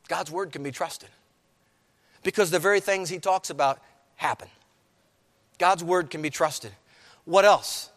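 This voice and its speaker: A man preaching in a church, his voice pitched high for a man and carried by a long hall reverb. He moves from hushed, low lines up to raised, emphatic ones as he speaks to the congregation. It has the sound of a live sermon. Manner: preaching, rising and falling with emphasis, addresses the congregation. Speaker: pastor.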